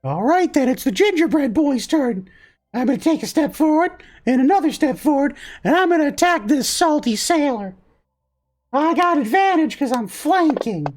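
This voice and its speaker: A woman voicing a small, desperate male gingerbread warrior who talks in an excitable, melodramatic way in a tabletop game. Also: sits high, moderate pace, voice pushed up. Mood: feisty.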